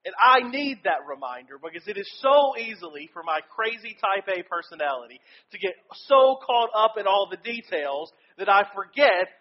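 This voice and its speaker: A man's voice: sits high, sing-song, normal speed, few pauses, lo-fi sound. A male pastor giving a sermon and telling a personal story in an earnest way.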